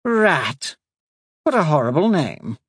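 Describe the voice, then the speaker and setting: A man's voice: on the high side, very animated, takes it slowly, fairly bright tone, slightly rough, dry recording, clean studio sound, pitched above the performer's own voice, heavily acted. A man playing Valtor, a silky scheming sorcerer. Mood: disdainful. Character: cunning male sorcerer, smooth, patient and manipulative.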